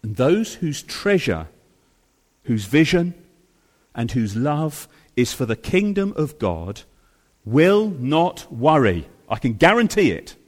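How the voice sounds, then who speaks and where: A man preaching a sermon to a congregation, emphatic and repetitive, swinging between soft low phrases and loud high ones. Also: very animated, slow pace. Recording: reverberant hall.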